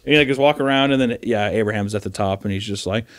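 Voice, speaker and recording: A man co-hosting a casual podcast chat, laid-back and rambling, now and then breaking into loud laughing impressions. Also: on the low side, rapid-fire, crowd noise. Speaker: podcast co-host.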